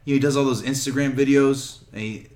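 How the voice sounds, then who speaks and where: A man co-hosting a casual chat in an animated, joking way. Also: mid-range voice, fast talker. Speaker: podcast co-host.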